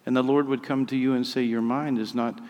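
Male preacher, dramatic scripture reading, mid-pitched voice, long echo of a large hall. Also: flat delivery, fairly quick. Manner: dramatic reading, rising to loud cries on key lines.

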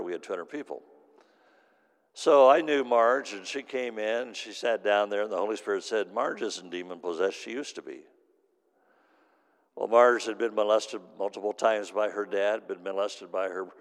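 A middle-aged man preaching a sermon as pastor, telling stories and swinging from hushed to loud. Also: lowish voice. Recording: long hall reverb.

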